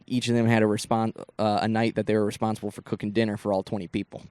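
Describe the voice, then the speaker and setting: A man's voice: fairly low pitch, level tone, fast talker, darkish tone, clean tone, dry recording. A young man from Northeast Ohio, a comedian, telling rambling stories on his solo podcast with lots of swearing and asides. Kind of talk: casual solo podcast storytelling.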